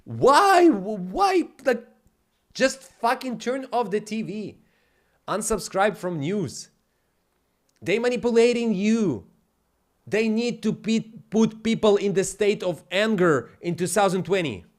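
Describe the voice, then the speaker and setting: A man on a live stream launches into a heated, profane rant, hammering his points with blunt emphasis. His voice sits a little higher than most men's, and his grammar slips in a non-native way. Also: measured pace, darkish tone. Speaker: livestream host.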